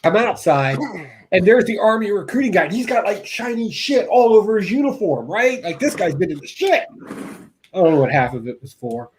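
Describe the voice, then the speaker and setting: A man's voice: sits high, sing-song, normal speed, slight background noise. A man telling a funny story in casual chat, laughing often and acting out the people he quotes. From rural upbringing. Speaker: guest.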